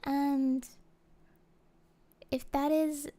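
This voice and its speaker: High-pitched girl on stream, slow and gentle, kinda rambly and halting, chatting with viewers. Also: little pitch movement. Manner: rambling, halting, with many fillers and restarts; soft and gentle, with small laughs. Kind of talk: casual stream chat, answering viewer comments.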